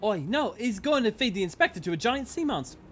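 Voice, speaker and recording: A brash, excitable adventuring companion from a video game, put on by a man reading aloud. The voice is pushed high and loud in a mock-Cockney manner, with very lively pitch. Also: fast, a little hiss or hum. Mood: eager. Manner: attempted Cockney, brash exclamations.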